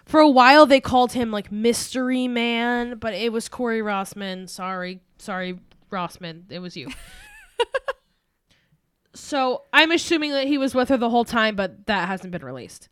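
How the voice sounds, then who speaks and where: A woman's voice: fairly high pitch, moderate pace, fairly bright tone, clear, resonant tone, dry recording, studio quality. A young woman co-hosting a casual true-crime podcast, telling the case and drifting into chatty asides. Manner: chatty, recounts case facts then breaks into asides and giggles.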